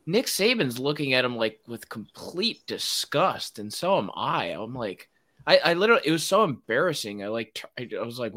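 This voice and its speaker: Lively, bright-voiced opinionated man. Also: medium pitch, normal speed. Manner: opinionated, ranting, laughs often. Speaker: podcast host. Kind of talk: casual sports chat.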